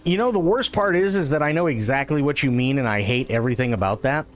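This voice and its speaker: A man's voice: mid-range voice, quick pace, faint music behind. A man ranting profanely in casual live-stream chat.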